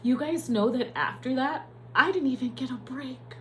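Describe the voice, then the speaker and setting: A woman's voice: high-pitched, moderate pace, a bit bright, slight background noise, rough recording. A young adult woman, a nurse, speaking in a candid, profane and emotional personal vlog.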